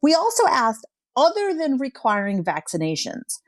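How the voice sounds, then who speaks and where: A woman's voice: sits high, wildly swooping pitch, normal speed, no echo, studio quality. A woman co-hosting a podcast, chatting through survey results with lots of likes and you-knows. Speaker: podcast co-host. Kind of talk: casual podcast talk presenting survey results.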